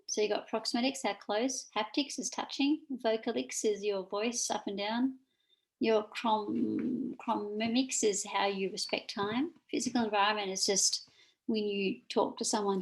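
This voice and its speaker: A woman's voice: medium pitch, low-quality recording. A woman with an Australian accent teaching a recorded lesson over slides, informal and full of fillers.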